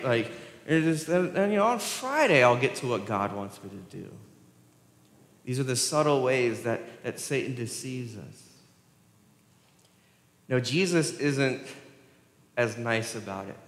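A man giving a conversational sermon as a pastor. He talks in an animated way and keeps asking the congregation "right?". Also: mid-range voice, unhurried, long pauses. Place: church sanctuary. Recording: echoey church hall with long reverb.

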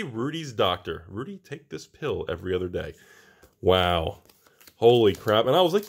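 A man hosting a card box-opening video, talking through each pull with animated, excitable commentary. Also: on the low side, normal speed, creaky, a little hiss or hum. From United States. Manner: animated, swings from hushed awe to whooping excitement. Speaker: channel host opening card packs.

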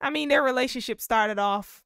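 A young woman giving excited, gushing commentary while playing a life-sim video game. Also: sits high, normal speed, smooth. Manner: excitable, gushing, squeals with delight. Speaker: gaming video host. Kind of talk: casual gameplay commentary.

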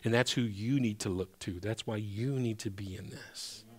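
A man's voice: fairly low pitch, normal speed. A man preaching a sermon as pastor. He speaks in a conversational, emphatic way and often restarts his sentences.

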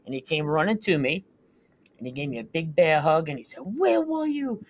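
A fairly high-pitched man tells his story casually, with earnest and vivid detail. He talks like a guest sharing something that happened to him. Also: brisk. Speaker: guest recounting a UFO sighting. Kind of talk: casual first-person storytelling.

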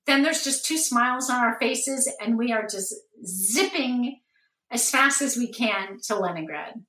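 A woman being interviewed, telling a lively story and acting out the voices of people she quotes. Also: a little high. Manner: animated, acts out quoted voices. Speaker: guest. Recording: roomy and distant from the mic.

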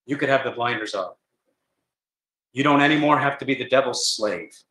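A man preaching a gospel sermon in a tent meeting, telling a story dramatically with sudden swings from loud to hushed. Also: mid-range voice, normal speed, echoey room, rough recording.

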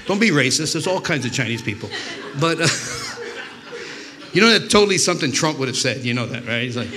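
A New York stand-up comedian tells rambling, profane stories, interrupting himself and restarting constantly. His medium-pitched voice is sing-song at a moderate pace, with a noisy background.

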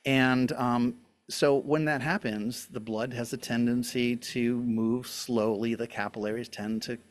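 A middle-aged doctor guesting on a health show explains things in a relaxed chat, laughing often. His voice is mid-range and unhurried.

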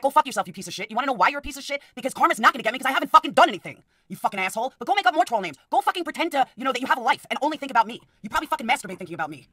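Woman, 30s-40s, livestreamer: fast, bright, foul-mouthed rant, dry close sound. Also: on the high side, big pitch swings, no echo. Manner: profane, heated, constant swearing.

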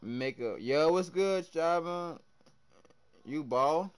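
A young man streaming live, excitably commenting on his game, shouting at teammates and chatting with viewers in heavy slang. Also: a little high, slow pace, clean tone. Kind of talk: live gameplay commentary and chat reading.

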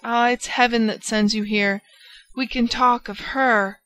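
A woman's voice: a little high, steady tone, a little slow, a bit bright. A woman voicing a cheerful, affectionate old lady in an audiobook, speaking gaily and fondly. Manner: gay, affectionate, chiding. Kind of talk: audiobook character voice.

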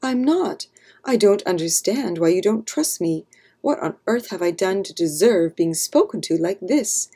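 A gentle, bewildered young wife pleads in a soft, mellow voice, as a woman reading a storybook puts her on. There is a breathy quality under her words. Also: mid-range voice, expressive, unhurried. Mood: pleading.

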